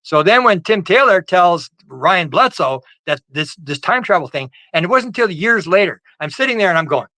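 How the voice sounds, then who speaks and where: A man's voice: high voice, sing-song, normal speed, few pauses, pushed and bright, no echo, low-quality recording. A man guest on an interview over a video call, telling a story animatedly, with frequent restarts and stammers and quoted lines acted out in a raised voice. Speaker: guest UFO researcher. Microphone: video call microphone.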